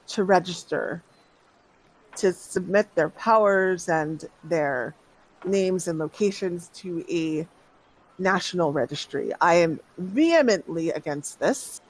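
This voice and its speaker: The game master of a tabletop role-play voicing an earnest, gentle male doctor who speaks in a measured way and grows heated over injustice. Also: medium pitch, low-quality recording.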